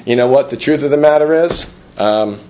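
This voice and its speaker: A middle-aged man talks through his own story at a recovery meeting. His voice sits at an ordinary pitch, and he rambles with lots of "you know"s while slipping into the voices of people he quotes. Faint background noise hangs in the room. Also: moderate pace, a little mellow. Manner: rambling, full of "you know" fillers, acts out others in quotes. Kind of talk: candid personal testimony.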